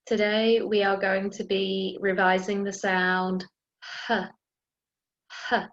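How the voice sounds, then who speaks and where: A woman teaching an early years phonics lesson, sounding out letters slowly and clearly and encouraging young children. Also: medium pitch, little pitch movement, lo-fi sound. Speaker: primary school teacher.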